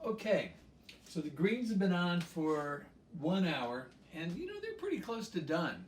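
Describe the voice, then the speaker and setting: A relaxed man demonstrating a home-cooked dinner, chatty and unhurried, dropping fillers and small laughs as he works. His voice sits a bit on the high side for a man. The kitchen sound is roomy, picked up from some distance with a faint hum behind. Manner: easygoing, rambling with frequent um fillers and chuckles. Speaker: home cook hosting a cooking show. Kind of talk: casual cooking demonstration.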